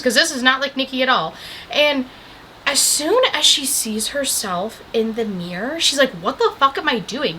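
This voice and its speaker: Casting: young woman, chatty movie-recap vlogger, bright slightly high voice, faint room noise. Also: poor audio. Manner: chatty, animated, heavy use of "like"; breaks off to talk to the camera about her coffee and pillow. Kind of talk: casual movie recap chat.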